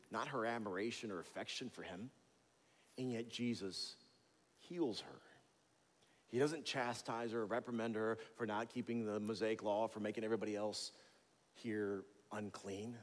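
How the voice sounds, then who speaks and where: A male pastor giving a sermon in a church, conversational and animated, with jokey storytelling. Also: lowish voice, in a large hall. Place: church sanctuary.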